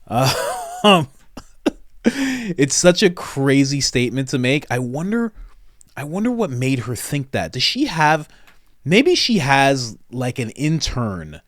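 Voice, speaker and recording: Animated laughing man, close dry mic. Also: medium pitch, takes it slowly, dry recording. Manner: animated, laughing, mock-incredulous. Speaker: commentary host. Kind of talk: comedic reaction commentary.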